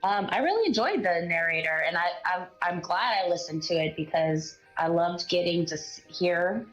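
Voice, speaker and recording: A woman's voice: fairly low pitch, animated, moderate pace, lo-fi sound, soft background music. A woman chatting about a book on a video call, hesitant with lots of ums, still getting over a cough. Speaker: guest. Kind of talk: casual book chat.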